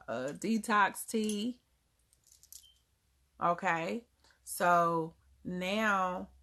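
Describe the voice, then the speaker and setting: This livestream host, a woman from Germany, speaks with a Southern US accent in a fairly low voice that sounds bright and forceful. She laughs a lot while casually reading and responding to viewer comments, dropping words and using casual grammar.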